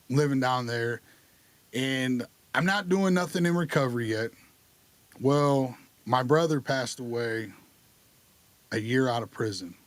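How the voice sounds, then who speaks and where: A man's voice: mid-range voice, dry recording. A man telling his recovery story on a podcast in a candid, casual way. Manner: candid, lively retelling with acted dialogue.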